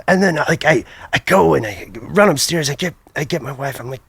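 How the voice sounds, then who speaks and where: A middle-aged man telling a personal travel story on a podcast, lively and self-mocking, jumping high in pitch when he quotes people. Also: a little fast, gravelly, hardly any pauses, breathy edge, no echo. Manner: animated, jumps high for quoted voices. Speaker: podcast guest. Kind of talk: casual storytelling.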